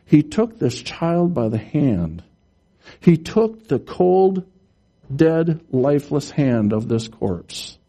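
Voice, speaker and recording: A man preaching a sermon, explaining scripture slowly and emphatically, rising in pitch and force at key points. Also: big pitch swings, dark tone. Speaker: pastor.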